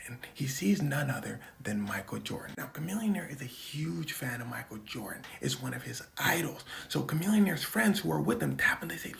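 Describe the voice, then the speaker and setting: A storyteller retelling a celebrity anecdote casually, swinging between hushed whispers and loud bursts. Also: medium pitch, very animated, fast, gravelly, few pauses.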